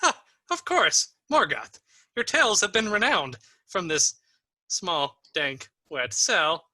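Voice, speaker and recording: Man putting on a cheery high old prisoner. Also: big pitch swings, takes it slowly, bright, forceful tone, no room sound, clean studio sound, distant mic, heavily acted. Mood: excited.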